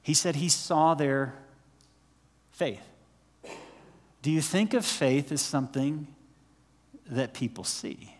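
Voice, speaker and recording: A man's voice: on the high side, takes it slowly, pauses often, in a large hall. A man preaching a sermon in a conversational way, asking the listeners questions and dropping to a near-whisper for emphasis. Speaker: pastor.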